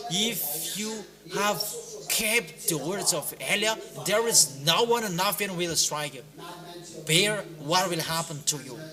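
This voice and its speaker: A man preaching a sermon, exhorting his listeners with loud, emphatic commands that fall back to quieter lines. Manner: exhorting, rising to loud emphatic commands then dropping low. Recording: clear music playing behind the voice.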